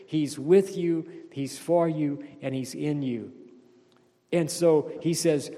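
A man's voice: fairly high pitch, steady tone, slow pace, warm tone, big-room sound. A man preaching a sermon as pastor, emphatic and questioning the congregation.

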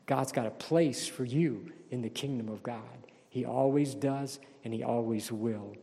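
A man's voice: medium pitch, measured pace, vocal fry, warm tone. Emphatic preaching man in a reverberant hall. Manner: emphatic preaching, asks the congregation questions. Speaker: pastor. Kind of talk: sermon.

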